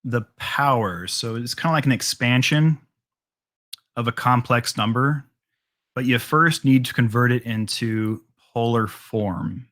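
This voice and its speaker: A man teaches a math class in a casual, conversational way. He works through each step out loud and keeps filling pauses with ums and all rights. His voice sits at an ordinary middle pitch. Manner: casual, filler-heavy explaining with frequent ums and all rights. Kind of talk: classroom lecture.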